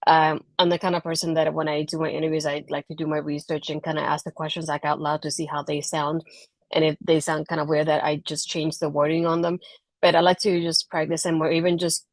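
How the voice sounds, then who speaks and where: A woman with a Puerto Rican accent giving steady, earnest advice as a guest on a video call interview. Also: sits low, fairly quick, no echo. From Puerto Rico. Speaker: guest, wrestling blogger. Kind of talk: casual interview answer.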